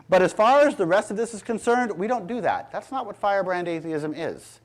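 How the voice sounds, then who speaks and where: A man's voice: high-pitched, expressive, fairly quick, hardly any pauses. A middle-aged man giving an emphatic, sarcastic public speech. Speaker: speaker.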